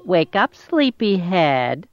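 A woman's voice: on the low side, big pitch swings, slow pace, dull audio, faint music behind, voice pushed up. A woman voicing a cheeky, bossy little sister aardvark in a storybook reading, teasing and know-it-all.

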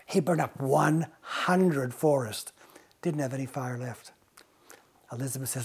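A man's voice: medium pitch, a little slow, gravelly, husky. A man storyteller reading a children's story aloud, playful and dramatic, adding sound effects.

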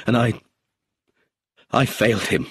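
A husky-voiced man reading an audiobook, voicing an emotional, hot-tempered middle-aged man who breaks into agitated outbursts. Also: lowish voice, lively intonation, takes it slowly, fairly bright tone, dry recording, full character voice. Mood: remorseful. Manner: bursts into agitated, rising outbursts.

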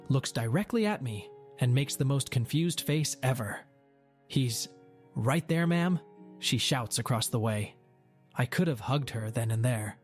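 A man who works as a store manager, telling a story aloud in a wry, dramatic way. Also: medium pitch.

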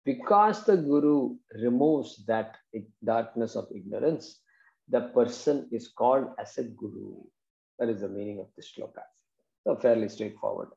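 A male teacher patiently explains Sanskrit verses, often pausing to check that his students follow. His voice is gravelly and mellow. The recording is dull and echoes like a classroom. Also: mid-range voice. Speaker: Vedanta teacher.

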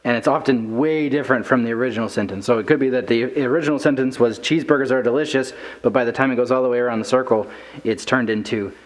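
Church youth teacher, male, mid-pitched, conversational and lively, playful with asides. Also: fast talker. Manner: conversational, asks "right?" often, acts out quotes. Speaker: children's ministry teacher. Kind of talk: casual teaching talk to kids.

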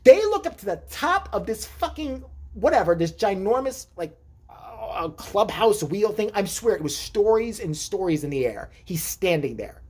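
A man vlogger telling a comedic personal story in an animated, profane, rambling way. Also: high voice, moderate pace, slightly rough.

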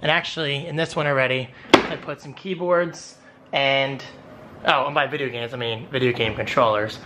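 A man's voice: medium pitch, fairly even intonation, moderate pace, background noise. Upbeat young man vlogging casually. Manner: upbeat, chatty, rambling. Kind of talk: casual vlog narration.

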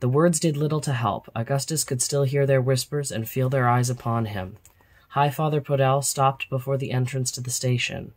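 A storyteller reading a children's chapter book aloud, narrating steadily and expressively in a mid-pitched man's voice. Even, clear storytime delivery. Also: normal speed.

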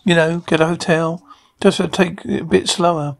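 An actor playing a charming but menacing male suitor in a horror drama, with a smooth, controlling way of talking. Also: on the high side, flat delivery, moderate pace. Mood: coaxing, menacing. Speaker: actor in a horror anthology series.

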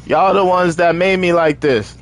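Young man, streamer, casual slang-heavy chat, animated storytelling, a bit high-pitched. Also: moderate pace.

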